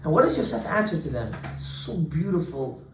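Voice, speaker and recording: A man, a rabbi, giving an informal Torah class with animated storytelling, swinging his pitch and loudness for emphasis. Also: normal speed, roomy sound, distant mic, a little hiss or hum, low-quality recording. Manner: talks to class, asides to listeners.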